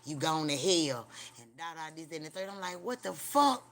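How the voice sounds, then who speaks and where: A woman with a slightly low voice hosts a casual livestream. She tells a story in a loose, rambling way and swears freely. She pads her sentences with filler sounds and turns to address her viewers. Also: a little fast. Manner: rambling, profane, repeats filler like "da, da, da"; chats directly to her viewers. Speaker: livestream host.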